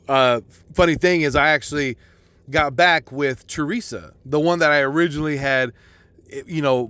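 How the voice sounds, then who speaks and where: A man's voice: fairly high pitch, fairly bright tone, smooth, dry recording. A young man telling a rambling personal story, swearing constantly, with many restarts and fillers. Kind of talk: casual storytelling monologue.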